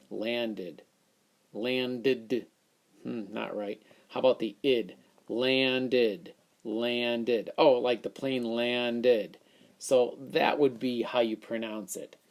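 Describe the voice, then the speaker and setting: Slow, gravelly male phonics teacher. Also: mid-range voice, a little mellow. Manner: methodical, sounds words out aloud and thinks aloud. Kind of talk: phonics lesson explanation.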